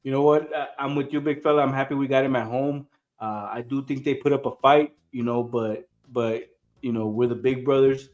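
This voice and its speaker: An easygoing man with a mid-range voice chats about football, with lots of fillers and loose phrasing. His tone stays relaxed and conversational. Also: medium pitch, fairly quick, dull audio. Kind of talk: casual sports chat.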